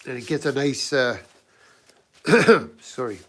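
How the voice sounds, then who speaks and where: A man's voice: mid-range voice, animated, slow pace, a bit bright. Man with a cold-scratchy voice. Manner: loose, rambling, often restarts sentences. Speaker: knifemaker and channel host. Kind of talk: casual workshop livestream demo. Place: home workshop.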